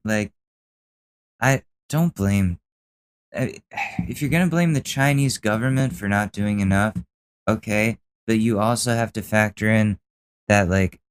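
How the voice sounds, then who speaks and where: A man's voice: lowish voice, smooth. A young man hosting a podcast, commenting on clips in a casual, sarcastic, ranting way. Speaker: podcast host.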